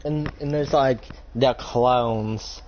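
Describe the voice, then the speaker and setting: A man's voice: medium pitch, fairly even intonation, slow pace. A young man narrating an improvised role-play story, rambling with lots of "like". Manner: rambling, full of "like". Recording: dull lo-fi recording, faint noise.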